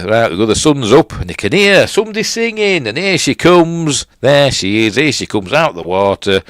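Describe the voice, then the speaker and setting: A man's voice: sits low, no echo, clean studio sound. A middle-aged man with a Yorkshire accent, rambling through a casual film commentary, correcting himself and chuckling between fillers. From Yorkshire, England. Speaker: film reviewer, host.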